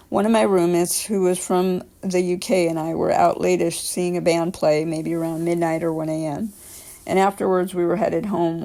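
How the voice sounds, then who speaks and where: A woman around forty with a scratchy, raspy throat, reading creepy stories aloud with chatty asides. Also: fairly low pitch, warm tone. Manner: chatty asides, filler-laden. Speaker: story reader.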